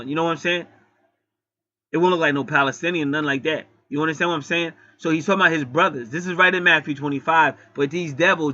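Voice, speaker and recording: Man, profane heated preaching, higher voice, dry dull recording. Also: sharp tone, dry recording. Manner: blunt, profane, rising to heated outbursts. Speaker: online spiritual teacher.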